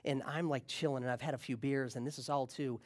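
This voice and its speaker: A keynote speaker with a medium-pitched, slightly quick voice tells a personal story at a conference. He's casual and slangy, animated, and acts out the people in it.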